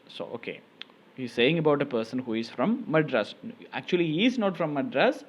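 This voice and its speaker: A man's voice: on the high side, expressive, a little fast, breathy edge, lo-fi sound. A male teacher with an Indian English accent, reading a textbook aloud and explaining it line by line with many fillers. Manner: reads a sentence, then paraphrases it with many fillers.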